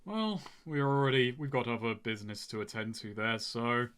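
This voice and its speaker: A man speaking as a player in a tabletop game, measured and politely formal in character. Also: medium pitch, expressive, fairly bright tone, smooth. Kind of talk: in-character tabletop role-play.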